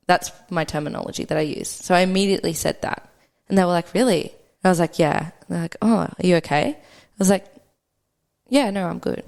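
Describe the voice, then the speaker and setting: A young woman speaks in a fairly low voice, talking quickly and conversationally as a podcast guest. She tells her own story candidly and often acts out past dialogue. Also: fairly even intonation, gravelly, a little mellow.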